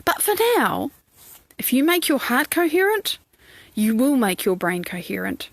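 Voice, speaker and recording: High-voiced woman coaching breathing. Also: big pitch swings, a little slow, vocal fry, dry recording. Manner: encouraging, guides breathing exercises. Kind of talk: live-stream talk to viewers.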